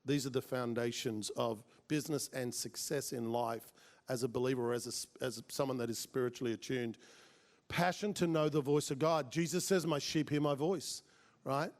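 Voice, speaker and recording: A man giving a talk to a business group, telling a story and acting out what people said with lively swings in his voice. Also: normal speed. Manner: animated, acts out quoted voices with big pitch jumps. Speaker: speaker at a business mastermind.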